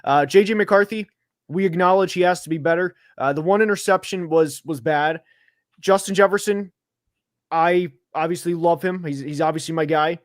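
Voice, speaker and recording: A man hosting a casual football preview stream, talking fast with lots of fillers and getting worked up as he argues his points, seated at a close mic. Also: fairly high pitch, dry recording. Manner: animated, gets worked up, filler-heavy. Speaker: host of a football preview show. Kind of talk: casual sports chat. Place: home studio, seated.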